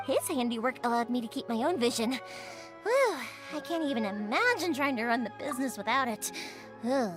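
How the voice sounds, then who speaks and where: An actress playing a cheerful young fireworks shop owner in a game, bubbly and giggly. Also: female voice, high voice, sing-song, brisk, music in the background. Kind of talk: game cutscene dialogue.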